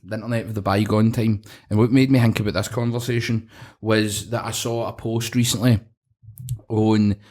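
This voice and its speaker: A man's voice: on the low side, flat delivery, normal speed, a little mellow. A middle-aged Scottish man hosting a podcast, telling sweary, laughing stories in casual chat. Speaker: podcast host.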